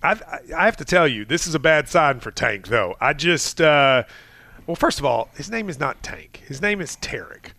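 A man's voice: a little high, gravelly, no echo. A man co-hosting a sports talk show, talking casually and playfully, arguing over picks with animation. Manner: animated, playful, quick to argue.

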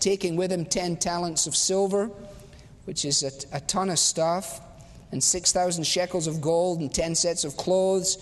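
A man preaching a sermon in a chatty, emphatic storyteller's manner, with dry wit. His voice is high for a man. A long reverb trails each phrase, as in a large hall. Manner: conversational storytelling, wry, emphatic.

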